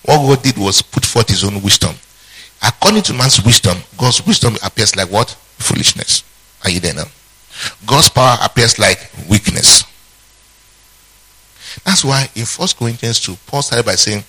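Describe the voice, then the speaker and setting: A man's voice: medium pitch, expressive, moderate pace, sharp tone, breathy edge, low-quality recording. A man preaching a sermon who keeps asking the congregation to finish his sentences, with humorous asides along the way. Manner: call-and-response questions to the congregation. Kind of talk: sermon teaching.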